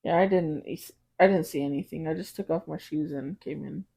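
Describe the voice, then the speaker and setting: A woman's voice: deep voice, fairly quick, vocal fry, warm tone, husky. A young woman, a podcast guest, joking and giggling in casual chat.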